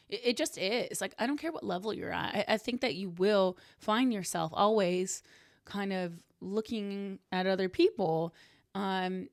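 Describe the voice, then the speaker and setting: A young woman talks through her thoughts in an earnest, self-reflective podcast monologue and laughs softly at herself. Her voice sits at a middle pitch. The recording is dry and close. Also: dry recording. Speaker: podcast host. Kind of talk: reflective solo podcast talk.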